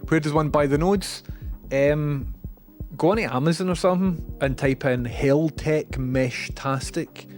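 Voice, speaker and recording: A man's voice: a little high, unhurried, a little mellow, soft background music. A man with a Scottish accent chatting casually on a livestream, rambling, sweary and self-deprecating.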